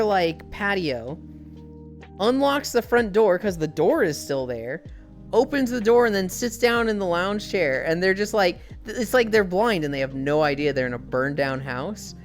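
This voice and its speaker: A woman's voice: mid-range voice, a little slow, soft background music. A woman streamer chatting casually and telling stories, swearing freely as she goes. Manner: swears freely, animated storytelling. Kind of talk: casual chat while walking.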